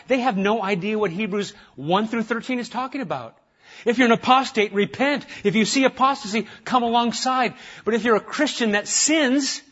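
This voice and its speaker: A man preaching a sermon as pastor, passionately stressing points and then dropping to a hushed tone for prayer. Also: high-pitched, slightly rough, highs cut off. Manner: impassioned, swinging from loud emphasis to hushed, intimate prayer. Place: church.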